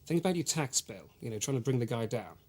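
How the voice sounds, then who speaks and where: A pompous luvvie actor. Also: male voice, medium pitch, very animated, fast talker, darkish tone. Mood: self-satisfied. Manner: pompous, condescending, hesitant fillers. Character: self-important male actor, luvvie know-it-all. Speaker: actor being interviewed. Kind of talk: mock documentary interview.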